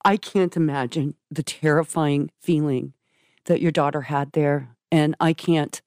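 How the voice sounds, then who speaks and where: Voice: medium pitch, fairly even intonation, unhurried, smooth, no room sound. A podcast host guides a guest through a hard story. They respond with open, effusive sympathy. The recording is dry and close. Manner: warmly sympathetic, effusive reactions. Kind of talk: podcast interview.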